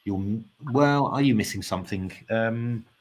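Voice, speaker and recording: A man's voice: lowish voice, unhurried. Tired man thinking aloud over chess. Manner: thinking aloud, hesitant with many fillers, polite and self-deprecating. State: tired, yawning. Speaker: chess commentator. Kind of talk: casual live chess commentary.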